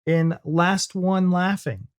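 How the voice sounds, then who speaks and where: A man's voice: high-pitched, steady tone, takes it slowly, clear, resonant tone. An American man hosting a reaction video, chatting casually and joking with his co-host. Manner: playful, jokey banter.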